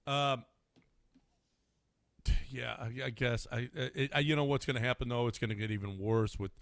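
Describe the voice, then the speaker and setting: A man co-hosting a sports talk show, speaking at an everyday middle pitch. He tells stories in a relaxed way and sometimes drops his voice low. The studio mic sounds close and dry. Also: moderate pace, dry recording. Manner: storytelling, drops to a low mutter, sings a mock tune. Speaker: radio sports talk co-host. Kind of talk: casual studio banter. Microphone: studio microphone.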